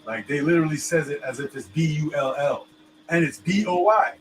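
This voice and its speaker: A man's voice: a little high, brisk, low-quality recording. Man in casual chat, talks loosely, lots of fillers and "you understand?", faint background hum. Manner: loose, filler-heavy explaining, keeps checking "you understand me?".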